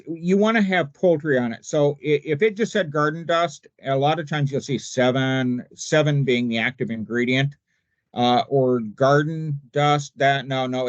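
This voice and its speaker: A man's voice: mid-range voice, normal speed, dry recording. Older man, folksy poultry expert, casual seminar chat, dry dull call audio. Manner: folksy, chatty, jokey. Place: remote virtual seminar.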